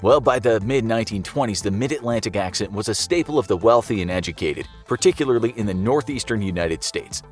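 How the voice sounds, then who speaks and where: A man narrates a scripted explainer in a slightly low voice, chatty and fond of rhetorical questions. Soft music plays faintly beneath him. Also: expressive, a little fast, hardly any pauses. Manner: conversational, asks rhetorical questions. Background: soft background music.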